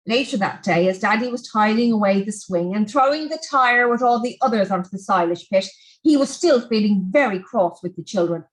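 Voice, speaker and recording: A woman reading a children's farm story aloud in an expressive, animated storybook style. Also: mid-range voice, a little fast, low-quality recording.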